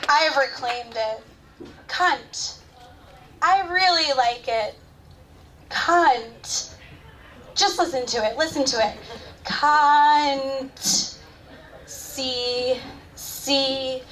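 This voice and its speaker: A woman's voice: high voice, sharp tone, full character voice. A woman playing a bold woman savoring each sound. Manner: drawn-out, sounding out each word slowly. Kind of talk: live stage monologue. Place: theater stage, live audience. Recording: distant stage mic, faint room noise.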